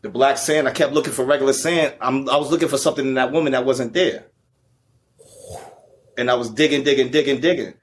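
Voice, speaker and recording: A man's voice: medium pitch, fairly even intonation, fast, slight background noise. A man, the featured guest, telling a travel story in a casual, profane, slang-heavy way.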